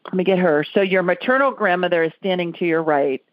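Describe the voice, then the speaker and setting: A woman hosting a call-in radio show as a psychic medium, brisk and laughing often as she relays messages. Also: on the low side, no room sound, highs cut off. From United States.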